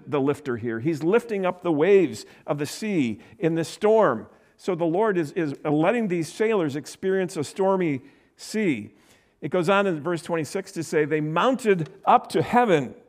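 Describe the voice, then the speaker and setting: Earnest man teaching from Scripture. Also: a little high. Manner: earnest, conversational, with rhetorical questions. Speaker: Bible teacher. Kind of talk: expository Bible teaching.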